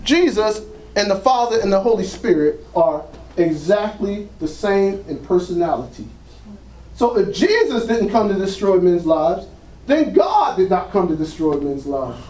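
An older male pastor preaching a sermon with fervent call-and-response. His voice runs high for a man and swings widely in pitch. He punctuates his points with cries of praise. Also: big pitch swings, a little slow, a little mellow.

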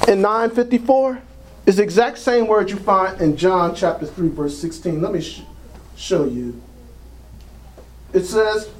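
An older man preaching a sermon, with fervent call-and-response and frequent cries of praise. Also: high voice. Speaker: pastor.

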